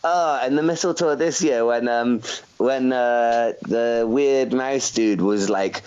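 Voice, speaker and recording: A man's voice: mid-range voice, moderate pace, low-quality recording. A young man from England, a wrestler being interviewed, chatting casually in a rambling way with many fillers and frequent laughs. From England, Welsh parents. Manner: laid-back, laughs often, rambling with fillers. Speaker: professional wrestler, guest.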